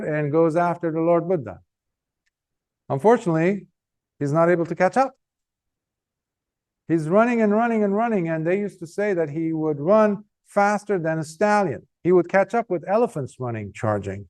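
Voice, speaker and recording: A man gives a dharma talk as a monk teacher, telling a story in a fairly high voice. He speeds up and slows down for emphasis and keeps the telling animated.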